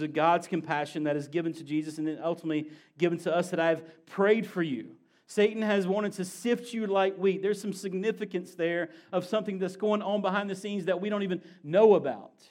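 Pastor preaching with rising emphasis. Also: male voice. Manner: swings between emphatic raised passages and quiet low asides. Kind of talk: sermon.

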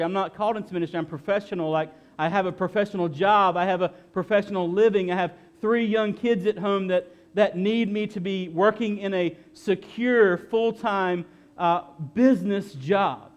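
A middle-aged pastor with a high-pitched voice preaches a sermon, earnestly sharing his personal testimony. He often halts and repeats himself as he speaks.

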